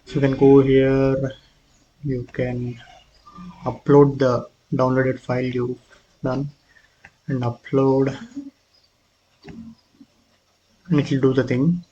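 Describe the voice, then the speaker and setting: A man talks through his app prototype in a casual screen walkthrough, his pitch sitting in an ordinary middle range but barely moving. He halts often, restarting sentences and filling gaps as he goes. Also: steady tone, mellow, breathy edge, lo-fi sound. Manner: hesitant, halting, with frequent fillers and restarts.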